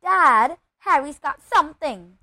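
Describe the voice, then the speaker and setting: A woman voicing a spoiled boy who calls out in a high, insistent way. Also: lively intonation, slow, bright, forceful tone, no echo, clean studio sound, full character voice. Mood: tattling. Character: whiny spoiled boy tattling.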